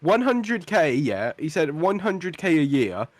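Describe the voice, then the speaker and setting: A man's voice: on the high side, big pitch swings, unhurried, no room sound. A young man co-hosting a podcast, telling the story with energy, swearing and mimicking the people in it. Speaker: podcast co-host. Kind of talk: casual chat.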